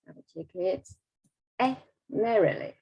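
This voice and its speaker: The audio is dull as a woman teaches an online English lesson that includes Buddhist prayer. Speaking slowly at a medium pitch, she has learners repeat pronunciation again and again, with plenty of fillers.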